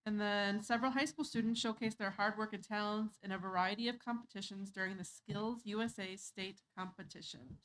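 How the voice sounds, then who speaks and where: A woman board member reading out student congratulations at a school board meeting in a steady, formal way. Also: mid-range voice, brisk, few pauses, noisy background.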